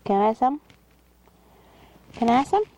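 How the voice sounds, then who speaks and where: A woman's voice: a little high, sing-song, normal speed, dark tone, no room sound, dull audio. Sing-song mother in baby talk. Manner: sing-song, gasping, giggly. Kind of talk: baby talk while playing with toys.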